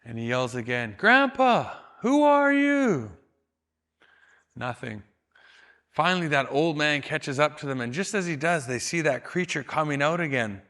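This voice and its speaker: A Canadian man, a storyteller and educator, telling a traditional story in a calm, measured way, slowing down for emphasis. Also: on the high side. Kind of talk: oral storytelling.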